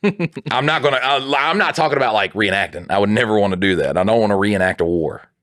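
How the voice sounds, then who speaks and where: A man from the Southern United States in his thirties, with a Southern American accent, co-hosting a podcast as an animated, profane storyteller. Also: on the low side, quick pace, no room sound, clean studio sound. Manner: animated, profane storyteller who laughs through his stories. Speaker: podcast co-host. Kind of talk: casual podcast chat.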